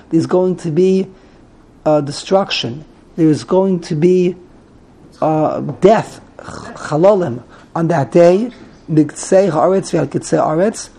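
On poor audio, a man with a fairly high, creaky, dark-toned voice leads a small-group text class. He digresses into tangents, restarts his sentences frequently and uses Hebrew terms.

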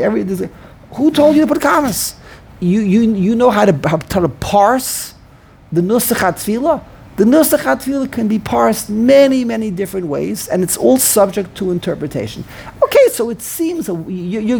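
A man with a husky, breathy voice teaches a student in an informal lesson. He talks with animation, restarting and repeating words as he goes, then slows right down to sound out each word carefully. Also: high voice, darkish tone. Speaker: teacher of prayer pronunciation.

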